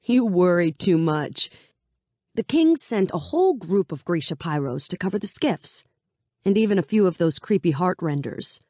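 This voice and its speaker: A woman's voice: fairly low pitch, expressive, moderate pace, warm tone, dry recording, clean studio sound, voice pushed up. A woman voicing a cheerful, teasing young male soldier in an audiobook, joking and easygoing. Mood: reassuring. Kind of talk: audiobook character voice.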